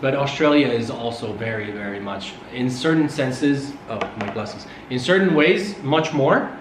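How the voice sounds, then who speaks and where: A man's voice: medium pitch, lively intonation, moderate pace. A man from Finland, a guest talking casually in a rambling way, full of restarts and fillers. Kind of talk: casual conversational interview. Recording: echoey room, faint background hum.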